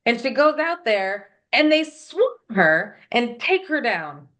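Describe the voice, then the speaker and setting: A woman chatting casually about a film, animated and acting out scenes as she retells them. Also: on the high side, slow pace. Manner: animated, acts out characters in quotes. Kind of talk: casual movie review chat.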